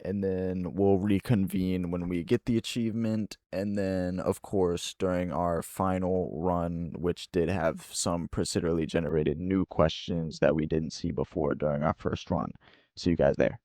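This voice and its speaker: A man's voice: low voice, fairly even intonation, measured pace, mellow, no echo, clean studio sound. A man giving casual, laid-back gameplay commentary with slangy asides as a gaming YouTuber.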